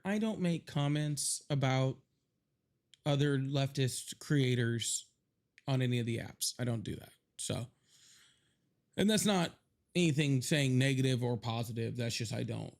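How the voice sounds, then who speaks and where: A man hosting a livestream who rambles casually and laughs easily. His pitch sits in an ordinary middle range, and he thanks viewers between his thoughts. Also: unhurried. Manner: loose, rambling, laughs often, reads donations aloud. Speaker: livestream host.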